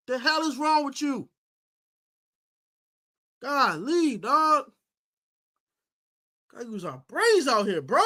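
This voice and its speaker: A woman hosting a sports podcast, delivering an exasperated, scolding live-streamed rant full of slang, swinging between loud outbursts and low muttering. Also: expressive, slow pace, pauses often.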